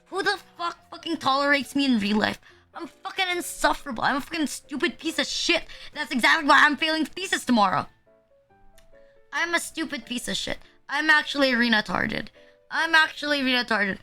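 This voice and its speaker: Young woman streamer, high bright voice, nervous, profane rambling chat, faint music behind. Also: lively intonation, a little fast. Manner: rambling, profane and self-deprecating. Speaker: VTuber streamer. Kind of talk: casual live-stream chat.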